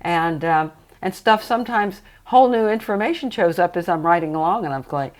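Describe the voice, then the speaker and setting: Low-voiced woman channeler, reflective. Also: lively intonation, a little fast. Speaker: trance channeler, guest. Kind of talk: relaxed conversational interview.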